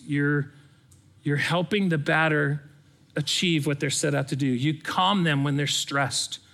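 Middle-aged guy preaching, earnest and chatty, voice a bit on the high side. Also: fairly bright tone. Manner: earnest, conversational preaching with sports stories. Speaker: pastor. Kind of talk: sermon.

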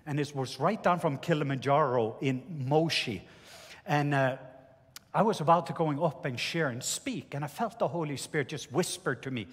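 A man with a Norwegian accent preaches to a congregation, recounting a testimony earnestly and stumbling over restarts. His voice sits a little high and sounds husky. The sound rings with the long reverb of a large hall. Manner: earnest storytelling with halting restarts. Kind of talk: sermon with personal testimony.

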